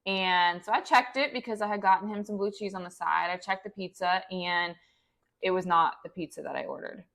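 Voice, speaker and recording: A young adult woman co-hosting a podcast, telling a story in a casual, animated way and acting out the people in it. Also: fairly low pitch, brisk, gravelly. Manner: animated, acts out voices in her story. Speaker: podcast co-host.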